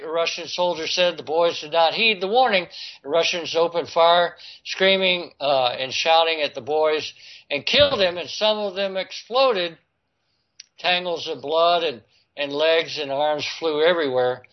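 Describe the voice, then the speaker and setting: A man's voice: fairly high pitch, measured pace. A man reading out a news report and commenting on it, stumbling and restarting words as he goes. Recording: dull lo-fi audio.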